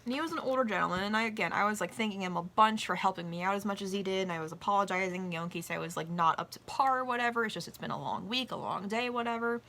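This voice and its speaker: Bright-voiced young woman telling work stories. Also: mid-range voice, very fast, few pauses. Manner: animated, acts out quoted voices, swears casually. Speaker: vlogger and restaurant worker. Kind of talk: casual storytelling.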